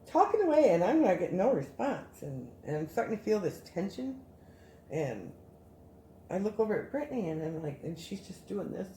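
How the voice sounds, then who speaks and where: A woman casually telling a story as a guest, animated and rambling with many restarts. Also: medium pitch, normal speed, reverberant, a little hiss or hum.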